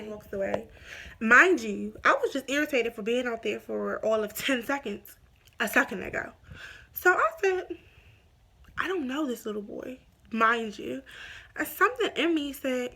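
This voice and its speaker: A woman's voice: a little high, measured pace, vocal fry. A young woman casually telling a personal story on her vlog, acting out the dialogue as she goes. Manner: animated retelling with quoted dialogue.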